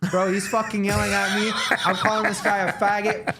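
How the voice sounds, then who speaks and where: Guy ranting and swearing through a story, kinda high voice, noisy background. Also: fast talker, hardly any pauses. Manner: profane, animated storytelling. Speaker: podcast co-host. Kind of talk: casual chat.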